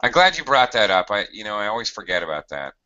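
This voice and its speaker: A patient man teaching English over a call, his low voice bright and forceful. His pitch jumps around a lot as he acts out example lines. The audio is dull and lo-fi. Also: big pitch swings, fast. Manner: patient, explains with acted example sentences. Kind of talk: online group English lesson.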